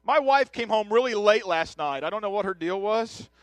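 A pastor in his thirties gives a chatty, joking sermon in a church, speaking directly to the people in the pews. His voice sits high for a man, and it sounds dry and close with little room sound. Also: expressive, moderate pace, dry recording. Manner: joking, chatty, talks straight to the congregation. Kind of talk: conversational sermon. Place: church sanctuary.

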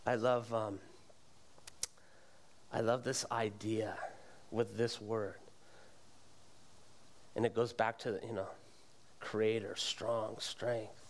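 A man's voice: on the low side, flat delivery, slow pace, long pauses, slight background noise. A male pastor preaching a sermon, earnest, quizzing the congregation and repeating words as he goes.

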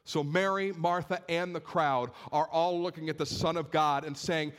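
Male pastor with a slightly high voice, preaching expressively, urgent one moment and hushed the next. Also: moderate pace, hardly any pauses, clean tone. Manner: expressive, swings between raised urgency and hushed gravity. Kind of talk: sermon.

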